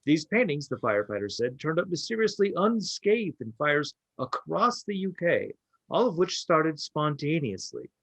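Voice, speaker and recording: Wry male podcast host, animated reader, dry sound. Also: fairly high pitch, normal speed, gravelly, breathy edge, dry recording, rough recording. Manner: wry, storytelling delivery with asides. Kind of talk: reading a prepared story with banter.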